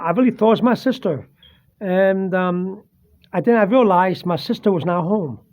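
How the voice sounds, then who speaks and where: A man sitting at his dining table, earnestly recounting a personal ghost encounter with halting fillers and restarts. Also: high-pitched. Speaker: vlogger. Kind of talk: casual first-person storytelling. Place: home dining room, seated at a table. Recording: dull lo-fi home recording.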